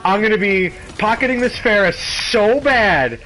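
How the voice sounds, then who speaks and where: A man's voice: high-pitched, animated, measured pace, pushed and bright, a little hiss or hum, poor audio. A young man streaming a game, chatting casually and laughing often. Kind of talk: casual gaming chat.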